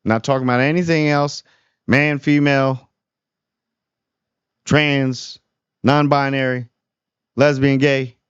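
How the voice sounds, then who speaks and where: A man's voice: medium pitch, little pitch movement, slow, pauses often, clear, resonant tone, no room sound. Earnest rambling man on a dull recording. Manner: earnest, preachy, rambling with many restarts. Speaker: small YouTube channel host. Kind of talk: casual unscripted monologue.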